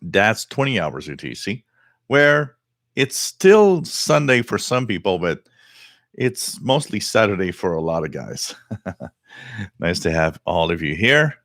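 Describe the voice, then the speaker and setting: A man's voice: lowish voice, sing-song, slow pace, a bit bright, no room sound, studio quality. A middle-aged French Canadian man, French his first language, hosting a live radio hobby stream in casual, rambling chat with many fillers. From Quebec, Canada. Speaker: host.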